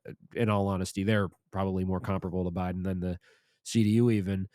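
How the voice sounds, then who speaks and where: A man's voice: low-pitched, level tone, fast, darkish tone, dry recording, studio quality. A man appearing as a guest on a podcast, talking casually with many hesitations and fillers. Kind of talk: casual chat.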